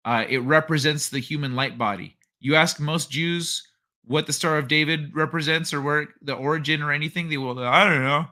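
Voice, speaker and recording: A man's voice: a little high, steady tone, normal speed, sharp tone. A man hosting a livestream, chatting casually and reading out viewer comments in a rambling way. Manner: rambling, thinks aloud, frequent restarts. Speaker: livestream host.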